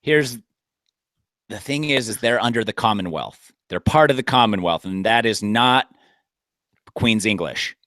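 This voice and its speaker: A man's voice: fairly low pitch, lively intonation, a little slow, pauses often, a bit bright, no echo, clean studio sound. A man co-hosting a casual podcast, making wry joking asides. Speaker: podcast co-host. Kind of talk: casual banter.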